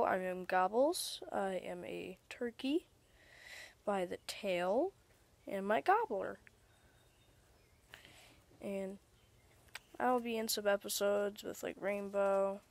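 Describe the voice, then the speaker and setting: A woman's voice: medium pitch, vocal fry. A woman voicing a cheerful turkey plush toy who rambles a little.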